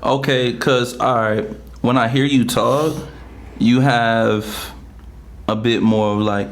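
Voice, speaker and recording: A man's voice: mid-range voice, fairly even intonation, takes it slowly. A man hosting a casual podcast interview, circling his questions with lots of fillers and restarts. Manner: hesitant, full of fillers like okay and all right. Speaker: podcast host.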